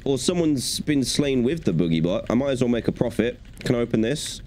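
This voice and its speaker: A man's voice: mid-range voice, expressive, brisk, few pauses, darkish tone. A young man giving chatty, playful commentary while playing a video game. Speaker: gaming YouTuber. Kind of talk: gaming commentary.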